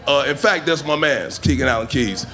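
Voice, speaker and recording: A man's voice: mid-range voice, expressive, moderate pace, bright, forceful tone. Man doing stand-up with punchy asides. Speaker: stand-up comic. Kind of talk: stand-up storytelling. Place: comedy club stage.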